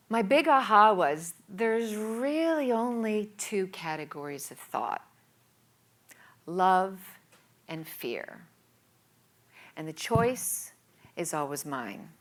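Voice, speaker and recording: Woman speaker, scripted storytelling talk, slow and unhurried, very lively pitch, playful with dramatic whispers.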